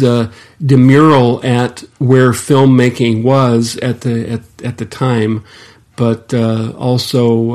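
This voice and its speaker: A man co-hosting a podcast, talking in a halting way with many fillers and restarts. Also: mid-range voice, darkish tone. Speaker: podcast co-host. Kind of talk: casual discussion.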